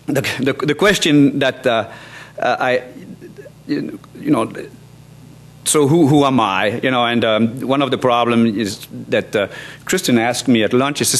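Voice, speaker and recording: Older guy at a conference podium, from france, lots of restarts and um's, dry jokes. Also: mid-range voice. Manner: halting, many restarts and fillers, wry asides. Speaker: law professor. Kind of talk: conference talk. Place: conference hall.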